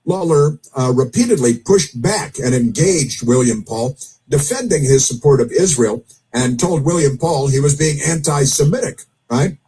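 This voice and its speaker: A man's voice: medium pitch, animated, moderate pace, mellow, husky, low-quality recording. A man hosting casual political commentary, rambling with many fillers and dry sarcastic asides. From United States.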